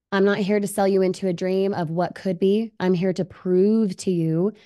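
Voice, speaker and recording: A woman's voice: mid-range voice, dark tone. A woman presenting a live online webinar, upbeat and persuasive, often asking viewers questions and reading their comments aloud. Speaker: livestream presenter.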